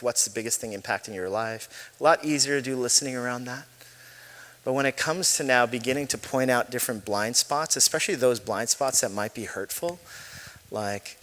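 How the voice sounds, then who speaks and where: Man in his forties, pastor, sermon, bright voice, long hall reverb. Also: mid-range voice. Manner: conversational, self-deprecating storytelling with laughs. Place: church sanctuary.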